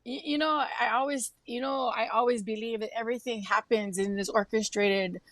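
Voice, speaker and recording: A woman's voice: on the high side, steady tone, moderate pace, fairly bright tone, no room sound. A woman from Hawaii with a Hawaiian accent, telling her story as a guest on a livestream in an effusive, heartfelt way. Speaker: guest, radio host and emcee. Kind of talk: livestream interview.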